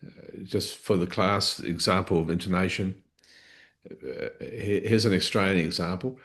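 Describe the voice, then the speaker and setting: A man's voice: deep voice, steady tone, a little slow. A man coaching a live training session, explaining step by step, restarting phrases and checking in with "okay?".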